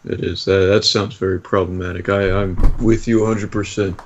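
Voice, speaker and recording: A low-voiced man who talks in a flat, deadpan monotone. His words come out slightly mumbled and dry. He sounds unbothered as a podcast guest in casual chat. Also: normal speed, lo-fi sound, a little hiss or hum.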